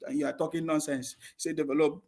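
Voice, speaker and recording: A man with a high voice rants on a live stream, answering viewer comments with open scorn. He laughs often and keeps firing questions back at his critics. His delivery is mocking and heated. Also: flat delivery, quick pace, mellow.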